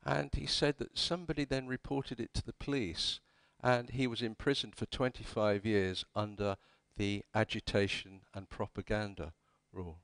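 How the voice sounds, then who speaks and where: A man's voice: on the low side, fairly even intonation, moderate pace, few pauses, a bit bright, dry recording. Wry anecdotal male conference speaker. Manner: anecdotal, wry, acts out quoted dialogue. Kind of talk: storytelling conference talk. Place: conference hall.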